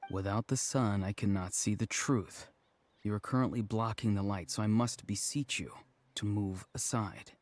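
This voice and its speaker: A man's voice: on the low side, natural voice. A man voicing a dreamy young man who talks in formal, flowery riddles, in a video game. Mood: solemn. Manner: slow, formal, poetic.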